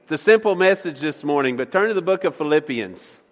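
Joking folksy preacher in a reverberant hall. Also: male voice, a little high, lively intonation, a little fast. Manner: joking, folksy, stammers and repeats words. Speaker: pastor. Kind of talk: sermon with jokes. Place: church sanctuary.

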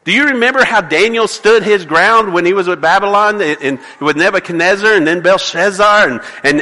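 A male pastor preaching a sermon, telling a story in an animated way and asking the congregation for responses. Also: sits high. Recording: long reverb of a large hall.

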